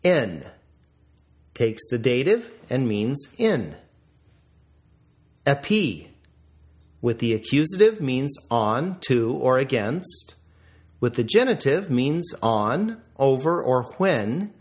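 A man teaching, reviewing vocabulary in a deliberate lecture style with careful pronunciation drills. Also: medium pitch, very animated.

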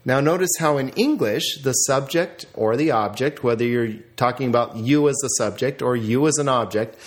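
A man teaching a recorded vocabulary lesson, reading word forms aloud slowly and repeating them for practice. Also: medium pitch. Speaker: language teacher.

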